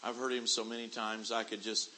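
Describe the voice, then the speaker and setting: A middle-aged man preaching a sermon, moving from quiet storytelling to loud, shouted preaching. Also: on the low side, level tone, brisk, slight background noise, low-quality recording. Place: church convention hall.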